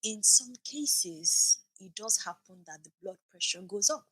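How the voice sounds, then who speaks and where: A woman's voice: medium pitch, a little slow, husky, no room sound. A woman in her thirties, a podcast guest, telling an emotional birth story and acting out the dialogue. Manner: animated, acts out quoted dialogue.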